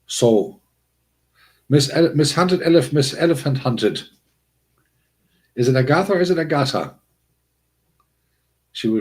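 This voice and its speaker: A man hosting a casual livestream, chatting with viewers in a rambling, animated way with frequent restarts and chuckles. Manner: bursts of high-pitched excitement. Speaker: livestream host. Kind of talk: casual livestream chat, talking to chat.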